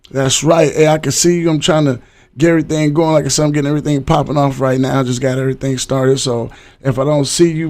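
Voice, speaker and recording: A middle-aged man hosting a live podcast, hyping the show and shouting out viewers by name in casual chat. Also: mid-range voice, steady tone, fast. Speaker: podcast host.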